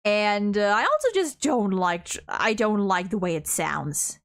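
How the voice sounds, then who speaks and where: A German-born woman streaming a courtroom game, thinking aloud with excitable outbursts and stumbling restarts. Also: medium pitch, a little slow. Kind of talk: let's-play commentary.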